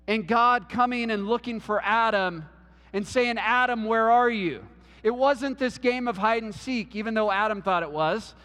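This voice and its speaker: A man's voice: very high-pitched, a bit bright, long reverb tail. A man preaching a sermon in a church, earnest, often restarting words and using "like" as a filler. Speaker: pastor.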